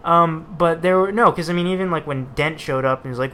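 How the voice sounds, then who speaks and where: A man's voice: fairly high pitch, fairly even intonation, brisk, few pauses, sharp tone, a little hiss or hum. A man co-hosting a casual chat, earnest and argumentative, often tripping over his words.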